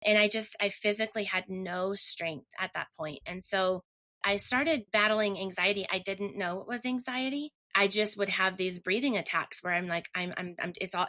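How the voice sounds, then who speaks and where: A woman's voice: mid-range voice, moderate pace, pushed and bright. A woman telling her personal story earnestly and emotionally, often restarting her sentences. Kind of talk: personal testimony.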